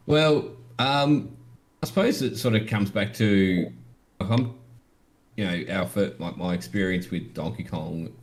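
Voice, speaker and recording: Here the Australian co-host's fairly low voice is animated but slow, with long pauses. He rambles through casual podcast talk, peppering it with plenty of "like."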